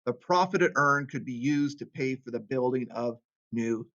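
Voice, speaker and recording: A man's voice: mid-range voice, normal speed, fairly bright tone. Guy teaching a history class, chatty and offhand, kinda muffled lo-fi audio. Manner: casual, reads quotes aloud then comments. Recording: dull lo-fi recording.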